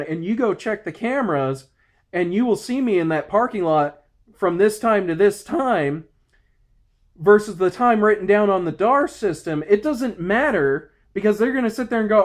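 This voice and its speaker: A man's voice: high voice, animated, moderate pace. A man in his thirties, a security guard, ranting angrily in a profane vlog. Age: 30s. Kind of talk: angry vlog rant.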